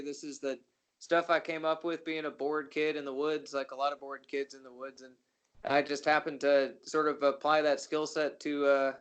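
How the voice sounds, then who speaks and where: A man's voice: a little high, smooth. A young adult man, a country musician, chatting as a guest in a casual interview, self-deprecating and rambling with many restarts. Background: loud guitar music.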